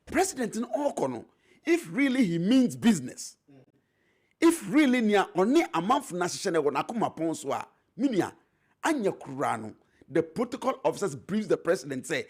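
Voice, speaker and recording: Ghanaian guy on a political talk show, husky voice, bouncy lively pitch, hammers his points. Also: moderate pace. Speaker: politician guest, former MP. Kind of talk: animated political talk show debate, mixing English and Twi.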